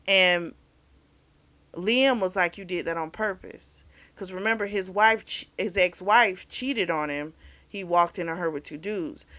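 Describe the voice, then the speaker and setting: Woman, book review host, candid chatty recap, bright voice. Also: fairly low pitch. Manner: candid and chatty, recounting the plot with frank opinions.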